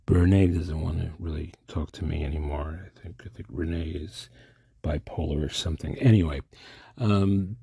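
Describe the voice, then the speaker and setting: A man's voice: rumbling low, fairly even intonation, normal speed, creaky, warm tone, breathy edge, dry recording, studio quality. A man rambling through a comic monologue, stammering and interrupting himself as he goes.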